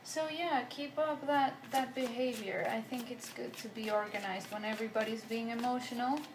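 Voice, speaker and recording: A woman's voice: a little high, steady tone, normal speed, noisy background. A woman giving a casual tarot reading, chatty and rambling, swearing now and then and drifting between accents. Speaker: tarot reader. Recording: echoey room with faint ambience.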